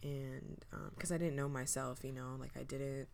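Sleepy low-voiced young woman podcaster. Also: steady tone, moderate pace, vocal fry, a little mellow, slight background noise. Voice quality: low, a little manly voice. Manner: hesitant and reflective, many fillers and restarts. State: sleepy, just woke up. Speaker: podcast host. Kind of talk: casual solo podcast monologue.

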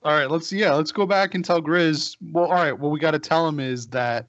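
A man's voice: fairly high pitch, normal speed, hardly any pauses, a bit bright, dry recording. A man talking through plans as a player in a tabletop game, hesitant and chatty. His voice is dry and close, with a slightly dull, lo-fi sound. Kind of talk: casual tabletop game chat.

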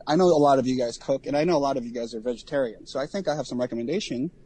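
A man co-hosting a podcast, talking casually in a halting way with many ums and restarts. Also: mid-range voice, warm tone, husky. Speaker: podcast co-host.

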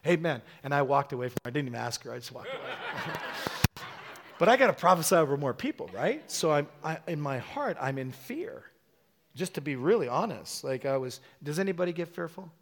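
Man, middle-aged, preacher, lively storytelling sermon, voice leaps high for acted-out lines. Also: quick pace. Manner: animated storytelling, acting out quotes with sudden high-pitched bursts.

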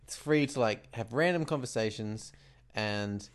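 A man's voice: lowish voice, unhurried. A young man in casual chat as a podcast co-host, enthusiastic and rambling with lots of "like".

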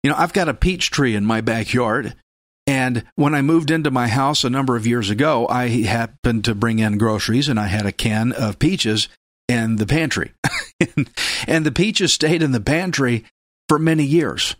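A male preacher delivers a sermon in a forceful, emphatic way. He hammers home key phrases through repetition and now and then bursts out loudly. His voice sits at an ordinary middle pitch and is recorded dry and close. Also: moderate pace, no room sound.

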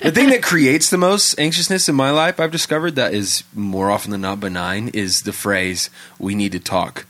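A man hosting a podcast in casual chat, animated and joking as he acts out little quoted lines. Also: lowish voice, normal speed, few pauses. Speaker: podcast host.

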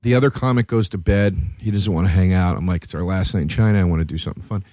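A man hosting a podcast, telling a rambling, profane story in a casual chat and jumping to a high, excited voice at times. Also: quick pace, no room sound. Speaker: podcast host.

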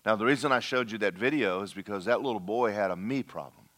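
A man preaching a lively, conversational sermon and talking straight to his congregation. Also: on the low side, fast.

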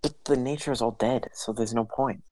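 A man's voice: medium pitch, steady tone, fairly quick, dark tone, rough recording. A man co-hosting a casual podcast chat, arguing his points in a matter-of-fact way. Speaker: podcast co-host.

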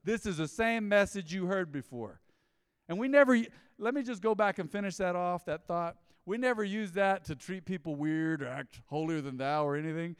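A man preaches a loose, conversational sermon, slipping into quick impressions of the people in his stories. His voice sits a little high for a man. The close mic keeps it dry, yet a long hall reverb trails after each phrase. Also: smooth. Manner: animated storytelling, mimicking people in quoted asides. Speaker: pastor. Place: church.

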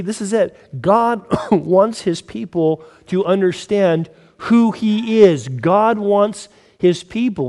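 A man preaching a sermon in a conversational, storytelling way, acting out the characters with lively quotes. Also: a little high.

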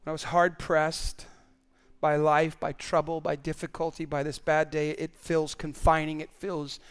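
A man's voice: on the high side, little pitch movement, a little slow, smooth. A male pastor preaching a sermon in an earnest way, often repeating words as he stresses a point.

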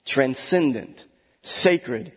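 A man's voice: medium pitch, expressive, very slow, a bit bright, breathy edge. Emphatic preacher man in a reverberant hall. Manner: emphatic, repeats key words for stress; chatty asides with small laughs. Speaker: pastor. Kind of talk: sermon.

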